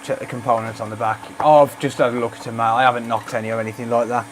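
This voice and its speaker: A man from the Black Country talks through a repair job on a livestream, answering viewers as he works. His voice sits at an ordinary middle pitch. He is relaxed and chatty, and he calls everyone "mate". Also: racing, slight background noise. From Dudley, West Midlands, England. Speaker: repair streamer. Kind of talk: casual livestream chat while repairing.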